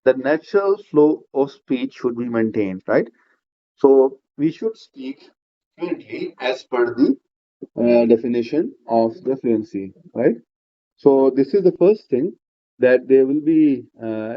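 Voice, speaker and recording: A man's voice: mid-range voice, lively intonation, measured pace. A man teaching a speaking-exam class, explaining step by step with "uh" fillers and frequent "right?" checks. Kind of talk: classroom lecture. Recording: slightly dull lo-fi recording.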